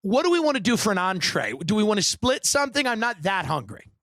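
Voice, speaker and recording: A man with a gravelly, raspy edge and a bright, forceful tone, sitting slightly high for his sex. He riffs in a sarcastic, deadpan comedic monologue, full of dark satire and sudden mimicry. The sound is close and dry. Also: quick pace, dry recording. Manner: animated, mimicking voices. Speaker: podcast host.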